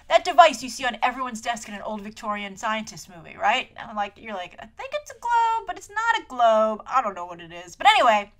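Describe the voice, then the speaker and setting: A woman hosting a trailer review show, talking in a chatty, animated way with lots of asides and playful mock voices. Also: a little high. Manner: chatty and animated, full of asides and filler words; playful, slips into mock voices when quoting. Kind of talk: casual trailer review commentary.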